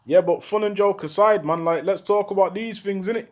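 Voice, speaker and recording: Urgent high-voiced talker. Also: male voice, a little fast, few pauses. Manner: urgent, repeats rhetorical questions, heavy street slang. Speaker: former prisoner speaking out. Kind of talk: impassioned monologue to camera.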